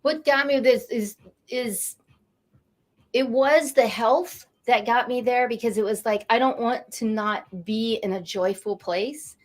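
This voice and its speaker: Animated woman in her fifties, higher voice. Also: a little slow. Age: 50s. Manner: animated, emotional storytelling. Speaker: guest, energy coach. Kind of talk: talk show interview. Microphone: studio or video call mic.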